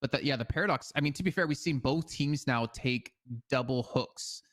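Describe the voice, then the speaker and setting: A man co-casts an esports match in a loose, chatty way, hedging often as he weighs each pick. His voice sits in an ordinary middle pitch. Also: normal speed, a bit bright. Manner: casual, hedging with fillers like "I mean". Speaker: esports co-caster. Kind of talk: esports analysis commentary.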